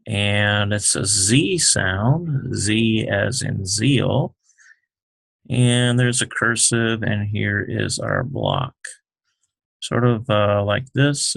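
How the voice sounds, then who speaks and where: A man teaching the Hebrew alphabet, talking slowly with many fillers as he writes out each letter. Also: fairly low pitch, creaky, a bit bright, breathy edge, no room sound. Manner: slow, halting, many fillers, explains while writing. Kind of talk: unscripted alphabet lesson.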